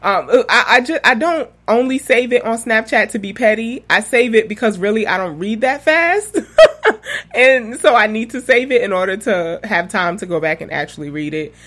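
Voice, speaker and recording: A woman's voice: a little high, animated, moderate pace, fairly bright tone. Candid, rambling young woman podcaster. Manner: rambling, candid, profane storyteller who often laughs. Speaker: podcast host. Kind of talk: casual podcast monologue.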